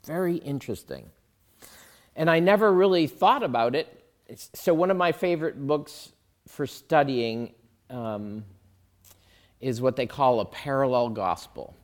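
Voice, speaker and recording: A man delivering a sermon at a slow, unhurried pace. His voice sits at an ordinary middle pitch, and he talks it through conversationally, pausing on fillers and asides as he reasons aloud. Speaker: pastor.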